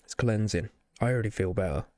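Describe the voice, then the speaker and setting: A man's voice: on the low side, fast, warm tone, dry recording, studio quality. A man hosting a reaction video, earnest and encouraging, emotional after having cried. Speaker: reaction channel host. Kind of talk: heartfelt reaction video sign-off.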